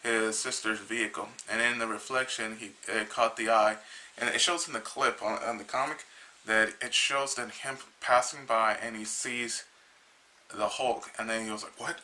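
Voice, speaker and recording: Bright-voiced man rambling through a comic. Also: fairly low pitch, steady tone, low-quality recording. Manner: rambling, halting, with many restarts. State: a little tired. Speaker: comic book reviewer. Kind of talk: casual retelling of a comic.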